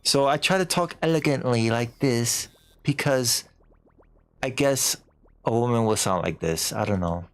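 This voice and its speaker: A man of medium pitch speaks unhurriedly while streaming a video game. He keeps the chat casual, teases himself, and occasionally puts on silly voices.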